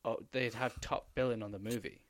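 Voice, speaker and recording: A man hosting a podcast, telling stories in a rambling, animated way with many fillers. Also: mid-range voice, a little fast. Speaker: podcast host. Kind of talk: casual chat.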